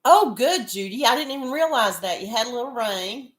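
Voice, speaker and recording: A woman's voice: on the high side, lively intonation, a little fast, echoey room. A woman hosting a casual livestream chat, stuffed up with a head cold, greeting viewers by name and chuckling often. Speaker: livestream host.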